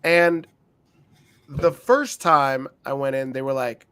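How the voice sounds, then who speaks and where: A man co-hosting a wrestling podcast, telling stories in a profane, animated way and acting out what people said. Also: a little high, a little slow, smooth, no room sound. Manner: profane, animated storytelling with acted-out quotes. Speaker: podcast co-host. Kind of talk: casual chat.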